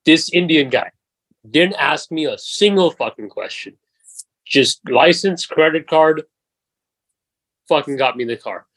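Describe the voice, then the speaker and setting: A man in his twenties telling a profane, animated story as a podcast host in casual chat. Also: fairly high pitch, a little slow, pauses often, no room sound, low-quality recording. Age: 20s.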